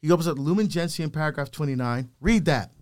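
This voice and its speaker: A slightly high-pitched man who talks fast, this middle-aged deacon is a guest telling his life story. His delivery is lively, and he mimics the people whose words he repeats.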